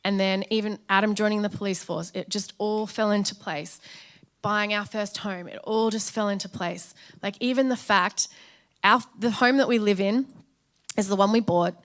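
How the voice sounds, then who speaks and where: A woman's voice: mid-range voice, fairly even intonation, normal speed, fairly bright tone. An Australian woman in her thirties telling her testimony in church, chatty and storytelling, acting out quotes and laughing along. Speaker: church speaker sharing a testimony. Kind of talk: sermon testimony.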